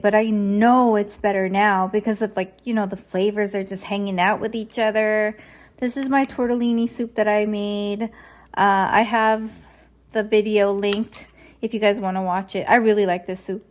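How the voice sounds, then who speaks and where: A woman's voice: mid-range voice, steady tone, normal speed, darkish tone. A woman in her thirties chatting casually and gushing through a lifestyle vlog. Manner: bubbly and chatty, gushing exclamations. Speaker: lifestyle vlogger.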